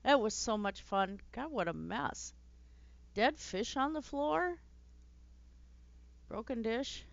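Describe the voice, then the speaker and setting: A woman's voice: fairly high pitch, expressive, slow pace, vocal fry, no room sound, dull audio. A woman streaming a let's play, chatting casually and giggling as she plays, often trailing off into fillers. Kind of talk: casual gameplay commentary.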